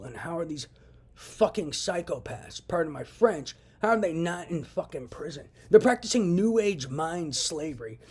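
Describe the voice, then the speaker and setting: A man's voice: a little high, husky. A young man delivering a heated, profane monologue, repeating himself as he vents. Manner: heated, profane ranting with repetitions. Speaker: vlogger. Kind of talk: angry monologue to camera.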